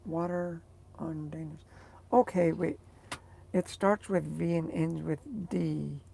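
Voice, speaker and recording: A woman's voice: low voice, steady tone, slow pace, creaky, warm tone, a little hiss or hum. A woman vlogger chatting casually to her viewers, rambling and hesitant as she searches for words.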